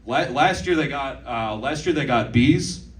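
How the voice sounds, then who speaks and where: A young man in his twenties does stand-up in a comedy club, telling loose, profane stories with asides to the crowd while the audience laughs. His mid-range voice has lively intonation and an unhurried delivery. The sound is roomy and distant, typical of a club.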